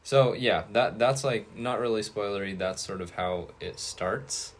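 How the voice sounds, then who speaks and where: A man with a very low voice co-hosts a laid-back review podcast. He rambles and hesitates, with lots of fillers and false starts as he talks. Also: a little slow. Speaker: podcast co-host. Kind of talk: casual movie review chat.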